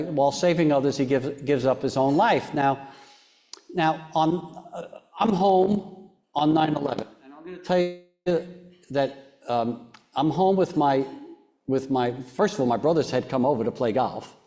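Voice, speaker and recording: A man's voice: on the high side, dark tone. Earnest man telling a personal story. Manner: earnest, halting, with many restarts and fillers. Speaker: foundation chairman, interview guest. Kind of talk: personal storytelling in an onstage interview.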